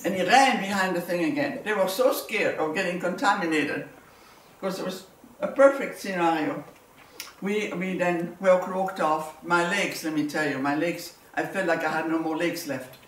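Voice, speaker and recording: Recorded through a distant mic in a roomy space with faint ambience and slight background noise, a woman from Belgium recounts her experience of surviving the war. Her voice is lowish and her pace moderate, and she tells it vividly, often repeating words.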